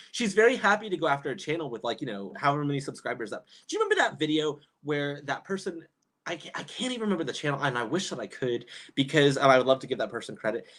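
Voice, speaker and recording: Young male streamer, casual commentary off chat, lively pitch, talky and loose with lots of ums. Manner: chatty, animated, lots of fillers and restarts. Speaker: YouTube commentary host.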